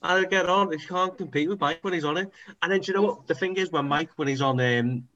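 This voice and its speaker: Man, podcast co-host, bright voice, lively sweary storyteller. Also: on the high side, fast, muffled recording. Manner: animated storytelling, swears freely. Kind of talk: casual chat.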